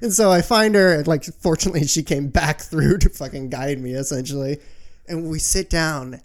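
A man's voice: on the high side, moderate pace. A young man co-hosting a podcast, telling rambling stories with frequent laughs and casual swearing. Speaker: podcast co-host. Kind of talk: casual chat.

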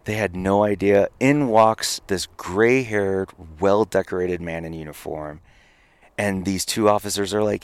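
Man, low voice, rambling animated storyteller, laughs at himself, dry close sound. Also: measured pace, smooth, dry recording. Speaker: podcast guest, company founder. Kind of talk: casual storytelling.

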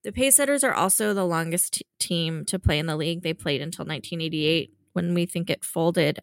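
Woman, author guest, earnest, heartfelt, gravelly low voice, dry close sound. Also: a bit bright, no room sound. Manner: earnest, heartfelt, fast with restarts. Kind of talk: emotional conversational interview.

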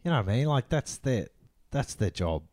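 A man, co-hosting a casual film podcast and speaking in an animated way with casual slang. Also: medium pitch, normal speed, no echo, clean studio sound. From Australia. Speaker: podcast co-host.

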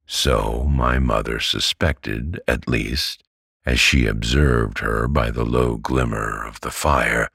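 Very deep, slow, gravelly male narrator. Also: fairly even intonation, fairly bright tone, dry recording, studio quality. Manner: slow, measured, soothing delivery. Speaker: audiobook reader. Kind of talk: bedtime story narration.

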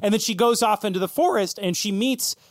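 A man co-hosting a film podcast, telling scenes with lively swearing and acted-out lines. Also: high-pitched, brisk, no echo, clean studio sound. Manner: animated storyteller, swears, acts out lines. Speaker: podcast co-host. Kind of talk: casual film chat.

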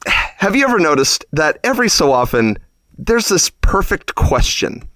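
A man in his thirties co-hosts a podcast in a playful, teasing way, and his pitch rises and falls a lot as he spins stories. His voice sits slightly high and is recorded close and dry, with no room sound. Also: very animated, normal speed, bright, forceful tone, no room sound. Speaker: podcast co-host. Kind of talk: casual chat.

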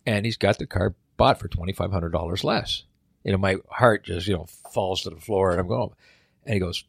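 A middle-aged man telling a story in a casual chat, animated and acting out the voices of the people in it. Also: fairly low pitch, brisk, gravelly, husky, no room sound, studio quality. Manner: animated, acts out quoted voices. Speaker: guest.

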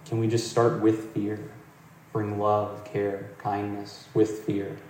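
Gentle man giving a talk in an echoey hall. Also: on the low side, monotone, slow pace, slight background noise. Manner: gentle, reflective, conversational. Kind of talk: dharma talk with storytelling. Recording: roomy hall, distant mic.

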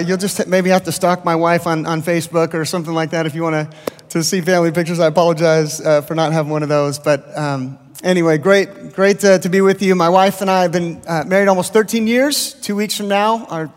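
A man's voice: high voice, a little hiss or hum. A man in his thirties, a guest pastor, opens a sermon with chatty, self-deprecating stories full of fillers, speaking from a church stage. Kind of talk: sermon introduction, casual storytelling. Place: large church auditorium. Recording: long hall reverb.

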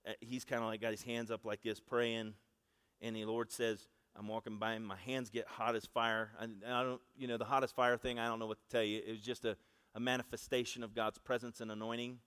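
A man's voice: medium pitch, a bit bright, clean tone. A man preaching a sermon in a conversational, storytelling way, asking the congregation to repeat after him. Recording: long reverb of a large hall.

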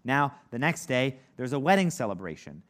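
A man's voice: medium pitch, big pitch swings, moderate pace, a bit bright. A man teaching a casual Bible lesson, talking conversationally with lots of "like" and acting out the people in the story. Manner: conversational, heavy use of "like", acts out quoted voices. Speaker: preacher.

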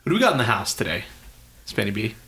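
A man's voice: lowish voice, big pitch swings, fast, vocal fry, sharp tone. Chill podcast host dude, normal voice, dry jokes while he reads the plugs. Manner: easygoing, does the plugs and housekeeping, dry jokes. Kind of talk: casual chat.

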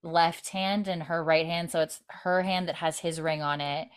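A woman's voice: deep voice, fairly even intonation, normal speed, smooth. A young woman host chatting casually, retelling a TV episode in a rambling way full of "like" and "you know". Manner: rambling, filler-heavy retelling with many "like"s. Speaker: podcast host recapping a TV episode. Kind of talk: casual chat.

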